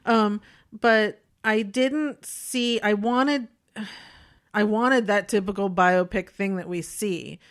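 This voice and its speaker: A woman co-hosting a podcast in casual chat, animated and opinionated, often laughing as she talks. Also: medium pitch, takes it slowly. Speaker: podcast co-host.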